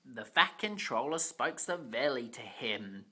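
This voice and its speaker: A slow, plainly paced storybook narrator with a bright, forceful tone. Faint music plays underneath the homemade reading. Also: mid-range voice, expressive.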